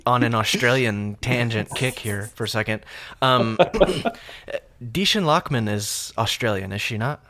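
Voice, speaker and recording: An American man hosts a casual podcast in a mid-pitched voice. He is chatty, hedges with frequent ums, and laughs easily. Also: unhurried, a bit bright. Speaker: podcast host.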